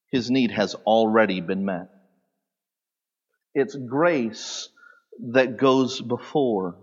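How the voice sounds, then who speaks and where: Pastor preaching in an echoing hall. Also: male voice, medium pitch. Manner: animated teaching with sudden loud peaks and soft drops. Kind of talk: sermon. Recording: long hall reverb, dull lo-fi sound.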